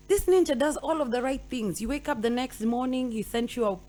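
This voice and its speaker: Animated Kenyan woman radio host. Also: sits high, brisk, hardly any pauses. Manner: animated storytelling, acting out both partners; mixes Swahili slang into English. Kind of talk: radio talk monologue.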